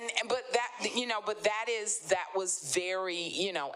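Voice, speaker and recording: A woman from the American South, an author telling stories in conversation at a live literary event, animated and acting out the voices of people she quotes. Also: medium pitch, normal speed, hardly any pauses. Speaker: author guest. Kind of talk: conversational storytelling.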